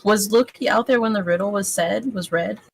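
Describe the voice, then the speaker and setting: A woman's voice: medium pitch, normal speed, gravelly, slightly rough, poor audio. A woman playing in a tabletop game, chatting in a casual, profane, unfiltered way. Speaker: player.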